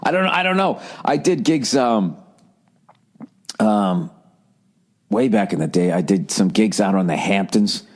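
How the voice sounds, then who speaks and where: A man in his forties with a Boston accent, hosting a solo comedy podcast and ranting in a profane, sardonic, animated way. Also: on the low side, unhurried, pauses often. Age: 40s. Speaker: podcast host.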